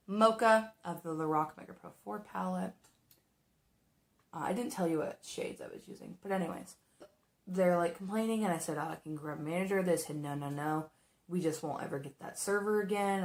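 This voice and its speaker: A woman telling a work story while doing her makeup, chatty and exasperated, acting out the dialogue. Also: lowish voice. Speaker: makeup vlogger.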